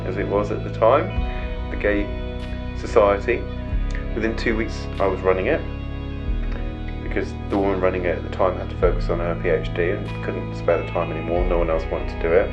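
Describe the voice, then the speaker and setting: Deep-voiced man telling a lively story. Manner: animated, mimics relatives in loud high voices. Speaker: interviewee. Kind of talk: personal storytelling. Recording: slightly muffled with music behind.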